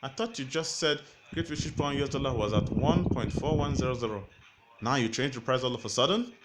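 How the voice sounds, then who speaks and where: A man's voice: mid-range voice, a little fast, background noise, natural voice. Batman as a man doing a testy trader. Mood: annoyed. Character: impatient male superhero betting trader. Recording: music playing underneath.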